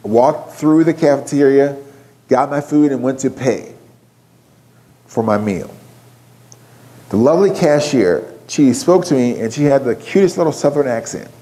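A man's voice: mid-range voice, expressive, unhurried, pauses often, dark tone. A man giving a keynote talk, telling a story in a conversational way and putting questions to a live audience. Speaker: keynote speaker.

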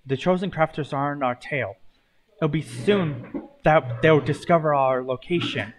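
A man voicing a worried young goddess, speaking higher and anxiously. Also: a little slow, music in the background, natural voice.

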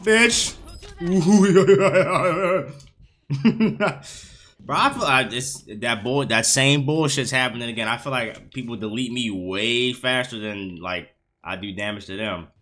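A man's voice: mid-range voice, takes it slowly, a bit bright. A man giving casual, profane gameplay commentary, laughing often. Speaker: gaming streamer.

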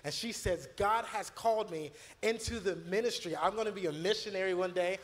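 A man's voice: high voice, a little fast, hardly any pauses, a bit bright, big-room sound. A man, a youth pastor, talking earnestly and telling stories with many fillers and restarts. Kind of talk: church video conversation.

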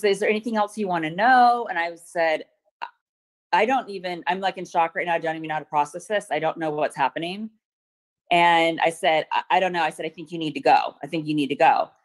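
A middle-aged woman testifying at a court hearing over a video call, retelling events hesitantly with many pauses and ums. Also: fairly low pitch. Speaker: witness testifying at a protective order hearing.

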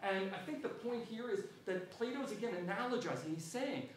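A male history lecturer with a New Zealand accent, giving an animated public talk and tagging "right?" onto his points. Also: high voice, a little fast, few pauses, slight background noise. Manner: animated, frequent "right?" tag questions. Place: lecture hall. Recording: echoey hall from far off.

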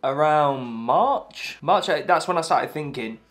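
A man in his twenties, a guest joining the vlog, chatting casually and a bit hesitantly with lots of pauses. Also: a little high, animated, fairly bright tone, soft background music. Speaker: fiancé guest. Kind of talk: casual chat.

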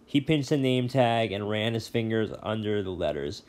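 A male teacher reading a novel chapter aloud, relaxed, with brief asides and self-corrections. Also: fairly low pitch, normal speed.

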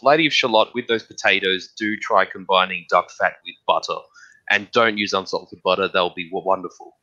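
A man's voice: low voice, sharp tone. A man joining a livestream chat as a guest, playful, often stumbling and repeating words. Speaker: guest co-host. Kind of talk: casual chat. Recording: dull lo-fi mic.

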